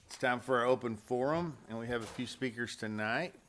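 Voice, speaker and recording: A man's voice: medium pitch, a little fast, fairly bright tone, a little hiss or hum. A man chairing a public board meeting in a friendly, informal way.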